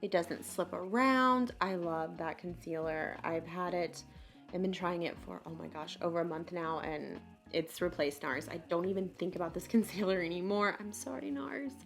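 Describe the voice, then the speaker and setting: A woman's voice: on the low side, moderate pace, faint music behind. A woman in her late twenties chatting casually through a makeup tutorial, bubbly and full of self-deprecating asides. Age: late 20s. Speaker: beauty vlogger.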